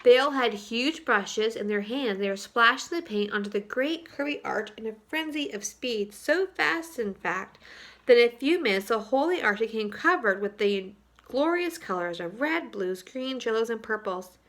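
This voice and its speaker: A woman teacher reads a chapter book aloud to young students in a clear, expressive voice. She pauses to ask them questions. Her voice is high, bright and crisp. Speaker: third-grade teacher. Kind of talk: storybook read-aloud for children. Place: home, for virtual school.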